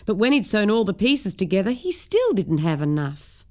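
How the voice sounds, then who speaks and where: A woman's voice: medium pitch, big pitch swings, normal speed, a little mellow. A woman narrating a rhyming children's story with a lilting, rhythmic reading.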